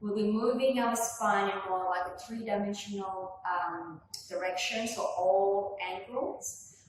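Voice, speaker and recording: A woman instructor gently guiding a pilates workout, calmly cueing breath and movement, recorded in a room at home. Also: medium pitch, measured pace. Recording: echoey room from far off, faint noise.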